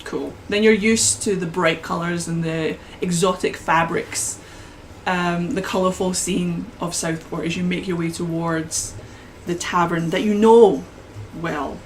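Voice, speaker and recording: Female game master, low voice, descriptive, unhurried, restarts. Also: fairly even intonation, slight background noise, rough recording. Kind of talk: narrating a tabletop game.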